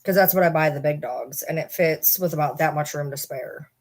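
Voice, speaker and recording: A woman's voice: sits low, a little fast, darkish tone. A woman hosting a casual livestream, chatting and rambling to viewers and swearing casually. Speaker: livestream host.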